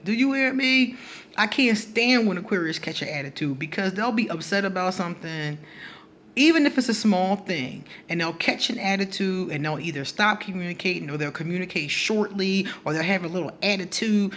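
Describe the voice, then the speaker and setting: A woman talking straight to camera in a casual astrology vlog, blunt and animated, breaking into laughter between her points. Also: mid-range voice, moderate pace, a little hiss or hum. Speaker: astrology vlogger.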